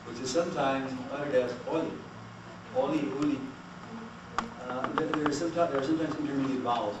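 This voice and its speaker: A man giving a classroom lecture, explaining patiently and putting questions to the class. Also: medium pitch. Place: lecture room. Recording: very echoey, distant, noisy room recording.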